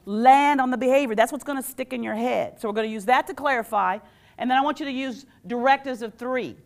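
A woman teacher gives an animated workshop talk, quizzing her audience and acting out phrases. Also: sits high, brisk, gravelly. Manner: animated, quizzes the audience with call-and-response questions; acts out quoted phrases in playful voices. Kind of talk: live interactive workshop talk.

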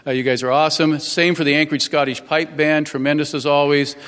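A man's voice: a little high, little pitch movement, fast, in a large hall, very noisy. A man in his fifties giving a folksy, earnest public speech as a newly sworn-in mayor, thanking people at a ceremony. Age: 50s. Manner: folksy and earnest, with many fillers.

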